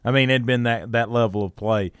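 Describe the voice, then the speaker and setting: A man co-hosting a sports talk show, retelling a story in a lively way with laughs and acted-out quotes. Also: mid-range voice, clear, resonant tone, no echo, clean studio sound. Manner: animated retelling, laughing, with quick quoted voices. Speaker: sports radio co-host.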